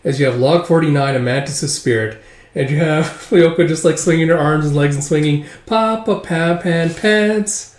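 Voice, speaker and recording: A man casually reading through a manga aloud, excitable and animated, acting out the lines. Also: a little high, a little fast, echoey room. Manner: excitable, laughs often, acts out lines. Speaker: comic reader and commentator.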